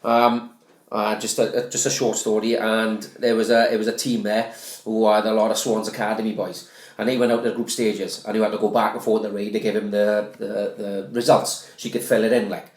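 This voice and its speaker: A man's voice: lowish voice, little pitch movement, a little fast, echoey room. A Welsh man co-hosting a podcast, telling rambling stories in casual banter and swearing freely. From Wales. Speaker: podcast co-host.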